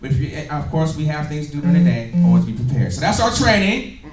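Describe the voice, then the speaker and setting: A man giving an energetic, laughing motivational business training to a live audience in a meeting room. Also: a little high, quick pace, distant mic, faint music behind. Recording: echoey room, recorded from afar.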